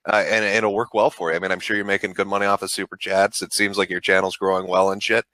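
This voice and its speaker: A man's voice: low-pitched, little pitch movement, quick pace, sharp tone, no echo. A man casually chatting on a call, giving frank, profanity-laden advice in a rambling way. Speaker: online show host.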